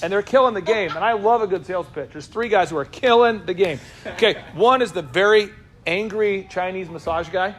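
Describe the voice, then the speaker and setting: High-pitched animated man talking to a room. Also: a little hiss or hum. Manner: animated, jokey, quick asides to the room. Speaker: business coach and show host. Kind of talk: lively talk to a live room.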